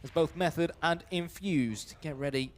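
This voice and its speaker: A man giving live esports play-by-play commentary, building to shouts on big plays. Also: a little high, normal speed, a little hiss or hum.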